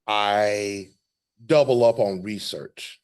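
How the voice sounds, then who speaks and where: A man's voice: on the low side, slow, clear, resonant tone. A man hosting a casual podcast conversation, talking in a reflective, rambling way with frequent restarts. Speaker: podcast host.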